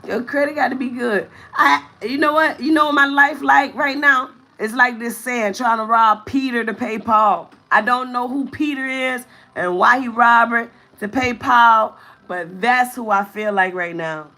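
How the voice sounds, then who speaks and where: A woman's voice: fairly high pitch, measured pace, pushed and bright. A woman, venting candidly to viewers on a live stream and thanking commenters as she talks. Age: 30s. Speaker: vlogger, mother of four.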